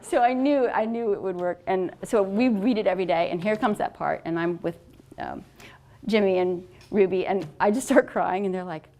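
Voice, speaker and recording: Middle-aged woman author, animated and chatty, quick to laugh. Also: mid-range voice. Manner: animated storyteller, laughs often. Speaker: author and adoptive mother. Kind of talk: casual talk answering questions.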